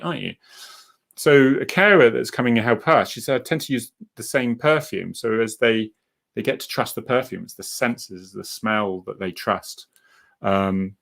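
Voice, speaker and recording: A middle-aged man, hosting a casual live chat, rambling and reading out viewer comments and acting out what people said. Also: a bit bright. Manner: acts out quoted people with jumps in pitch.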